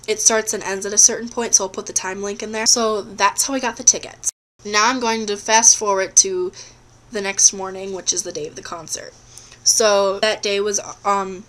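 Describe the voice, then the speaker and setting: Chatty young woman telling a story. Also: medium pitch. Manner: rambling, excitable, heavy on "like" and "um". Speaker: vlogger. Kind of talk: casual storytelling.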